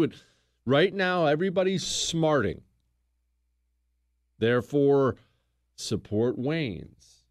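A man hosting a history talk show, telling the story in a casual, animated way on a close studio mic. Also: fairly high pitch, slow pace, long pauses, no echo. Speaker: host.

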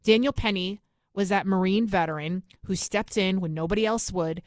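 A woman's voice: medium pitch, no echo, clean studio sound. A woman from New York City with a New York accent, hosting an opinionated political monologue in an indignant, emphatic way. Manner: indignant, emphatic, rapid asides. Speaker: political commentary host.

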